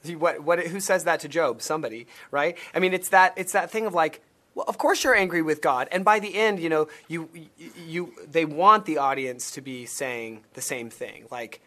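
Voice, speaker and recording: A man talking as a guest in a casual interview, telling animated stories with bursts of laughter. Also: high-pitched, fairly quick. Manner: animated storyteller, acts out quotes with laughter. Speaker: guest, former missionary and stage performer.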